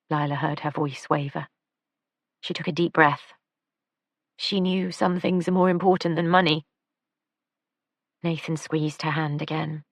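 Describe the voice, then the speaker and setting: Low-voiced woman narrating an audiobook. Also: fairly even intonation, a little slow, long pauses, no echo, clean studio sound. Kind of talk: scripted narration.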